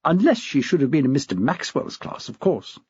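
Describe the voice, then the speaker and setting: Male reader plays a brisk, bitter woman secretary, lively pitch, dry lo-fi sound. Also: slightly rough, no room sound, full character voice. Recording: dull dry lo-fi recording.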